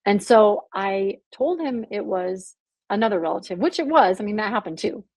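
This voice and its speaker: A woman guest on a podcast, telling her personal story in a candid, animated way. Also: medium pitch, normal speed, no echo. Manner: emotional, animated storytelling with laughs and acted quotes. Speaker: podcast guest, abuse survivor.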